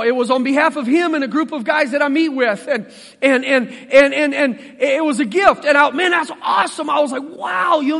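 Animated preacher man, very high voice. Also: long reverb tail. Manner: animated, folksy, acts out quoted voices. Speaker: pastor. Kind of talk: sermon.

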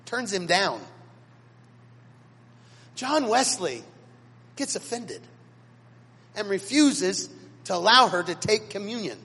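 A man, a pastor, preaching a sermon and telling stories dramatically, with sudden swings between quiet and loud. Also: high voice, big pitch swings, takes it slowly, long pauses, slightly rough, in a large hall. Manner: dramatic storytelling with big swings in loudness. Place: church sanctuary.

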